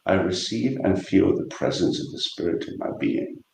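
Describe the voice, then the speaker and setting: A low-voiced man earnestly explaining his faith, often restarting his sentences. The sound is roomy and echoey. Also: moderate pace, gravelly, a little mellow, a little hiss or hum. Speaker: Christian debater. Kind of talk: casual online debate.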